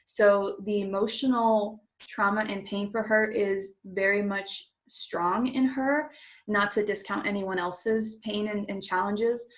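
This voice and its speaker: A woman's voice: medium pitch, fairly even intonation, measured pace. A woman hosting a casual interview as a coach, who talks in an encouraging way and says "like" often. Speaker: host and coach.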